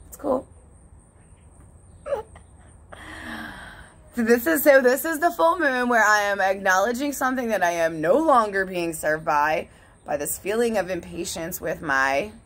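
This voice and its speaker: A woman's voice: medium pitch, a little slow, pauses often, fairly bright tone. A woman talking in a casual, candid vlog monologue, swearing often and laughing between thoughts. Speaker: vlogger.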